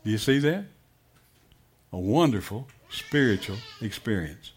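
A man's voice: lowish voice, expressive, unhurried, a little hiss or hum. A middle-aged pastor preaching a sermon, emphatic and asking his congregation direct questions.

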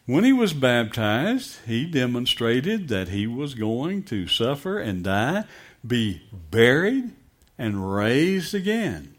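Middle-aged guy preaching, voice swinging up and down a lot, slow deliberate delivery. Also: medium pitch, sing-song. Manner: emphatic, asks the congregation questions. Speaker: pastor. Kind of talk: sermon.

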